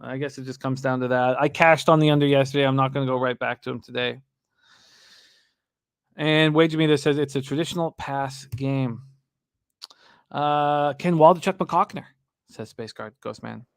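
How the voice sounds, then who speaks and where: A man's voice: medium pitch, normal speed, clean tone, dry recording, studio quality. A man hosting a live sports betting show, talking casually with restarts and reading viewer comments aloud.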